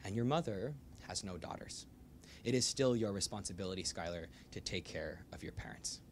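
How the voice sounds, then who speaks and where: A man's voice: fairly low pitch, lively intonation, normal speed, slight background noise, close to an everyday voice. A man voicing a stern, devout older immigrant grandmother who speaks matter-of-factly. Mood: earnest.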